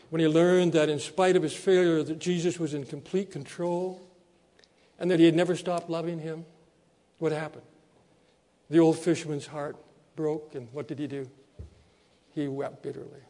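A man preaching a sermon as a pastor, repeating key phrases and swinging between soft low lines and loud emphatic ones.

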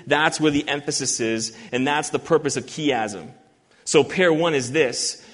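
A man preaching an expository sermon, earnest and emphatic, reading scripture slowly. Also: on the high side. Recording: long hall reverb.

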